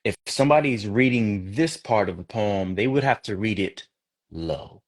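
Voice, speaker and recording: A man's voice: lowish voice, normal speed. A man speaking as a guest poet in a casual interview, reflective and conversational, often restarting his sentences.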